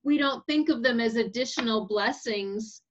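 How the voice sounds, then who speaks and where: A woman leading a Bible study, telling a story in a lively way and acting out the quoted voices. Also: normal speed. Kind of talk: casual group discussion. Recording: muffled low-fidelity audio.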